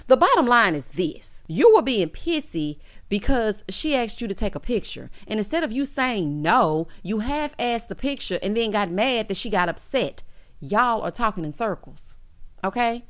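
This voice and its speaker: A woman's voice: mid-range voice, big pitch swings, normal speed. A young adult woman giving a blunt, sassy recap of a reality show, talking straight to the people on screen. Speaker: recap commentator.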